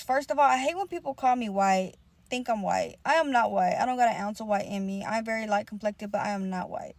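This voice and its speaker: A young woman with a slightly high voice, recorded dry and close with no room sound. She tells a personal story in a casual, rambling way, swearing freely and packing her talk with slang and filler words. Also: dry recording. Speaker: vlogger telling a personal story.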